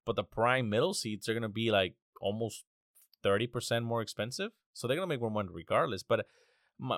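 A young man rambles through a casual rant, growing exasperated and dropping curses as he goes. His voice sits at an ordinary male pitch. The recording is dry and close, with no room sound. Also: fairly bright tone, no echo. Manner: exasperated, profane, rambling with restarts. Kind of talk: casual ranting monologue.

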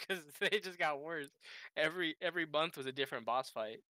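Young male co-host, jokey storyteller, smooth bright voice, close dry mic. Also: on the high side, brisk, dry recording. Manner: laughs often, jokey storytelling. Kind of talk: casual podcast chat.

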